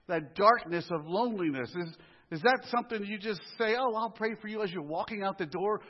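Male pastor, high husky voice, muffled live sermon recording. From US inner city. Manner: animated, conversational preaching with asides and humor. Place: church sanctuary. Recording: muffled live church audio, long reverb.

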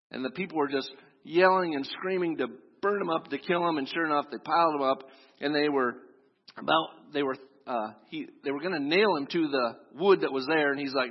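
This male pastor speaks fairly quickly in a slightly high, breathy voice while preaching. He narrates a story and gives each person in it their own voice, captured with dull lo-fi sound in a reverberant hall.

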